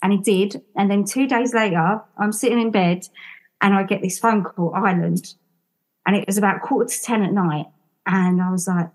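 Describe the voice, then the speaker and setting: A woman's voice: medium pitch, moderate pace. A woman from London, a podcast guest, telling her story casually and acting out the dialogue. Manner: animated, acts out quoted dialogue.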